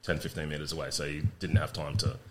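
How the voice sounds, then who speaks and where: A man's voice: very deep voice, monotone, fast talker, a bit bright, soft background music. A man, a podcast guest telling war stories in a laid-back, profane way and laughing through them. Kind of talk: casual storytelling chat.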